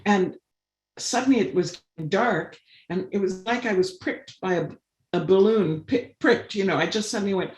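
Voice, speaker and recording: A woman guest on a video call webinar, telling a long personal story with lively swings as she acts out what people said. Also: normal speed, echoey room. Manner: animated storyteller, acts out quoted voices with big pitch jumps. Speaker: guest, artist and conservationist.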